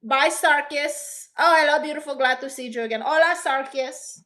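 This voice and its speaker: A high-pitched woman hosts a casual live chat and answers viewer comments in a blunt, sassy way. Her tone is bright and sharp, and she sprinkles Spanish exclamations into her talk. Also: moderate pace. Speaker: livestream host reading viewer comments. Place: rented apartment indoors.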